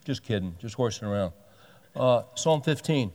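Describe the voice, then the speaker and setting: A pastor in his sixties preaches a sermon, reading scripture aloud and cutting in with folksy, joking asides. His medium-pitched voice is animated and darkish, at a moderate pace, with a long hall reverb around it.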